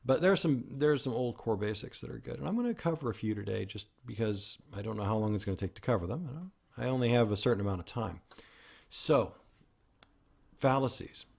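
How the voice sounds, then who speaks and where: A man's voice: medium pitch, animated, a little fast, creaky, a little mellow, breathy edge. A man hosting a solo podcast, explaining ideas in a rambling way, often restarting and correcting himself mid-sentence. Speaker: podcast host.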